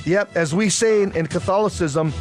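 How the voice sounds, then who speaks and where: A man's voice: sits high, normal speed, soft background music. A man co-hosting a Catholic radio show, telling stories casually with many fillers and restarts.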